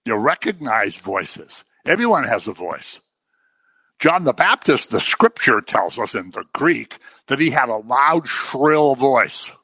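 Male pastor, bright voice, dry sound, playful animated sermon. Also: mid-range voice, unhurried, slightly rough, no echo. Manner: jokey, animated preaching with acted-out quotes.

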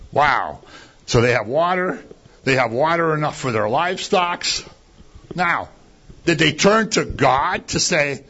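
A man preaching a conversational sermon, acting out complaints and firing rhetorical questions. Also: on the high side. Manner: animated, acts out quoted complaints, rhetorical questions. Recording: dull lo-fi recording.

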